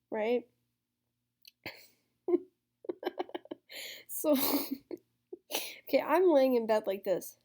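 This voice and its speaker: High-voiced young woman rambling slowly. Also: warm tone. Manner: rambling, filler-heavy, swears and laughs often. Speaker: vlogger. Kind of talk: casual storytime vlog.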